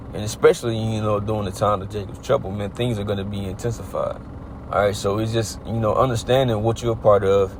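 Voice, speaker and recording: A man preaches in a loose, conversational way, leaning on "you know" and "all right" and dropping the odd curse. His voice sits somewhat low. Faint traffic and outdoor noise run underneath. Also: a little mellow. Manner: casual, repetitive, peppered with "you know" and "all right", swears. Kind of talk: informal street sermon.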